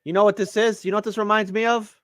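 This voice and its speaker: A man's voice: high voice, level tone, quick pace, a bit bright, dry recording, clean studio sound. A man appearing as a guest on a political talk show, making earnest, building arguments. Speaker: guest commentator. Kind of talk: political discussion.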